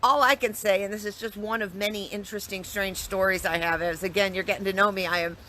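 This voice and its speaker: A woman's voice: medium pitch, steady tone, quick pace, bright, forceful tone, a little hiss or hum. A woman telling a personal story in a casual, earnest way, often restarting and repeating herself. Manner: earnest, reflective, with frequent restarts and repetitions.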